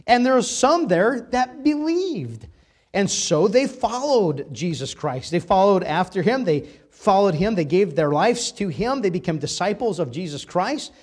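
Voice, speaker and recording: A man preaching a sermon, reading scripture aloud with emphatic, dramatic swings between loud and soft. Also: sits high, very animated, unhurried. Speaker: pastor.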